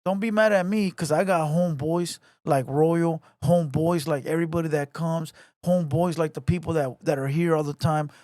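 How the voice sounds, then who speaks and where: A man delivers a heated, taunting rant to camera from a home garage. His voice sits high, and he hammers the same lines over and over. The sound is dry and close, with little room around it. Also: steady tone, moderate pace, darkish tone, no room sound. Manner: taunting, repetitive, confrontational. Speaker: online commentator.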